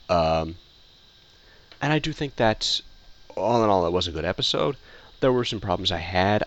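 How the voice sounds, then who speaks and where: A man's voice: low-pitched, a bit bright. A man casually giving a rambling opinion review, full of fillers, restarts and repeated phrases. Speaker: video reviewer.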